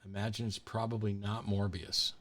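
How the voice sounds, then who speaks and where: Sweary, low-voiced man gaming on stream. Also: little pitch movement, brisk, a bit bright. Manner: frustrated, sweary, dry asides to chat. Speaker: streamer playing a game. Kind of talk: casual livestream commentary.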